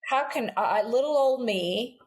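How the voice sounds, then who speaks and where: A woman's voice: on the high side, expressive, a little slow, low-quality recording. A woman from Kentucky who works as a leadership coach, speaking earnestly as a guest in a casual interview. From Kentucky, USA.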